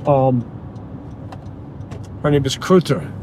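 A man's voice: medium pitch, takes it slowly, a little mellow. An older man with a Southern accent, a driver and host chatting casually with a passenger in his car. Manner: chatty, playful, jokes with put-on accents. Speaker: rideshare driver and podcast host. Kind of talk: casual chat. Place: inside a car. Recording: noisy car interior.

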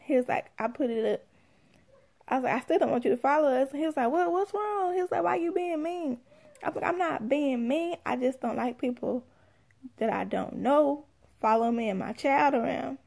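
Young woman, AAVE, high gravelly voice, sassy storyteller acting out quotes. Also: normal speed. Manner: animated, sassy, acts out quotes. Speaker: mother telling a story. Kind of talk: casual storytelling.

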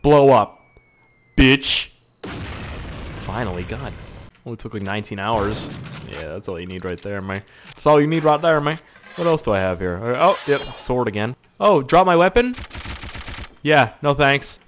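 Speaking a little slowly and leaving long pauses, this young Canadian man has a mid-range voice over a faint hiss or hum. He's a gaming YouTuber whose commentary is crude, joking and full of swearing, punctuated by lively outbursts.

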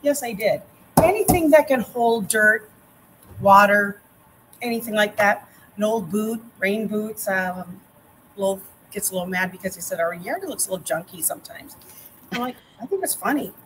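A middle-aged woman, a master gardener guest, chatting casually and telling lively anecdotes. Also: mid-range voice, moderate pace, a little hiss or hum, rough recording. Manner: lively anecdotes, acts out quotes. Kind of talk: casual storytelling chat.

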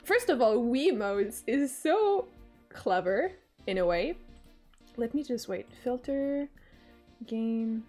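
A giggly young woman chats with her viewers during a casual game stream. Her fairly high voice swoops up and down, playful and loose. Faint game music plays behind her. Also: animated, slow, pauses often, darkish tone.

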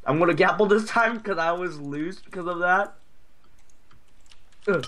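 Speaking at a normal speed in a high voice, a man hosts a casual gameplay video. He rambles excitably with plenty of fillers and yelps when things go badly.

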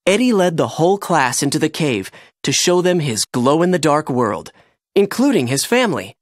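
A narrator reading a children's storybook aloud in an expressive, animated way. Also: mid-range voice, moderate pace, dry recording, studio quality.

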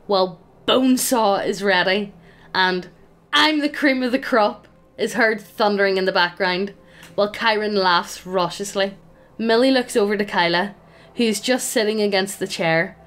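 A woman's voice: medium pitch, a bit bright. A woman acting as game master, narrating a tabletop game in a playful, amused way.

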